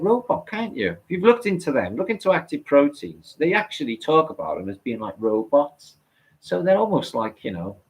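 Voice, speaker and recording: A man's voice: on the high side, low-quality recording. A middle-aged man hosting a live stream, chatting casually, rambling and swearing as he answers comments.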